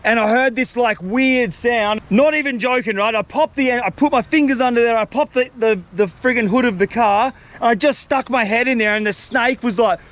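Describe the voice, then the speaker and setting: A man vlogging in the bush, talking to camera in excitable bursts. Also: extremely high pitch, normal speed, few pauses. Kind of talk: casual outdoor vlog talk. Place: outdoors in the bush.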